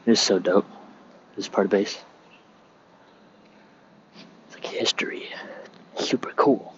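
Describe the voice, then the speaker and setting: A man's voice: fairly low pitch, normal speed, a bit bright, in a whisper, muffled recording. A young man, a sailor, rambling casually and cursing freely as he wanders outdoors on a military base. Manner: rambling, loose and profane. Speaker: sailor recording a podcast. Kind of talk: casual rambling monologue while walking.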